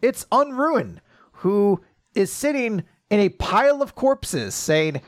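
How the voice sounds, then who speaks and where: Fairly high-voiced man recapping casually. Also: sing-song, slow pace, no room sound, studio quality. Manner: rambling, full of fillers and laughs. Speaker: podcast co-host.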